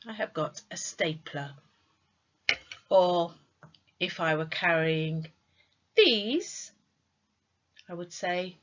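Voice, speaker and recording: Woman, online tutor, unhurried quizzing delivery, lowish pitch, lo-fi sound. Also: expressive, a bit bright, a little hiss or hum. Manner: slow, clear teacher's delivery with quizzing questions. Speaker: English tutor. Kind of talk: online English lesson.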